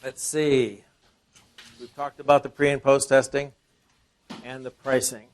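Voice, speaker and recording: A man speaks at a medium pitch with a level tone and a measured pace. He's giving an informal sales seminar, talking conversationally, tossing rhetorical questions at the audience, and often repeating and restarting his phrases.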